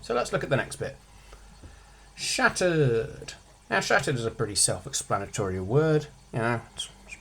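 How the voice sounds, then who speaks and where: A man's voice: medium pitch, fairly bright tone. A man giving a casual revision lesson as a tutor, chatty, with jokey asides, stressing single words.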